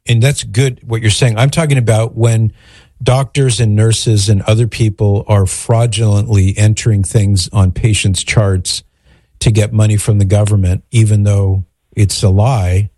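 A man hosting a call-in radio show, asking earnest, halting questions and taking callers. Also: lowish voice, fairly even intonation, mellow, no room sound.

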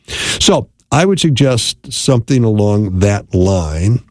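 A man hosting a radio advice show as a marriage and family therapist, calmly counseling listeners and often checking in with "right?". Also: lowish voice, slow, no echo, clean studio sound. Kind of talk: advice call-in radio talk.

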